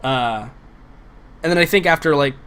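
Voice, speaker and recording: A man's voice: fairly high pitch, normal speed, fairly bright tone, clean tone. A man narrating a tabletop game as game master, in loose narration full of fillers.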